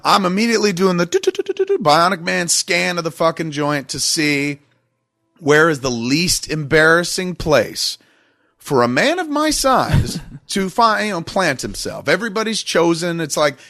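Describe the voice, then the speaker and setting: A man's voice: fairly high pitch, bright, forceful tone, no echo, studio quality. A middle-aged man hosting a podcast, telling a long story in a casual, profane, self-mocking way. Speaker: podcast host.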